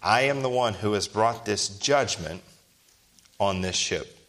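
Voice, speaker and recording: A man's voice: fairly low pitch, unhurried, fairly bright tone. A man in his thirties preaching a sermon, stressing his points and posing rhetorical questions to the congregation. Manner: emphatic, asks rhetorical questions. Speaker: pastor.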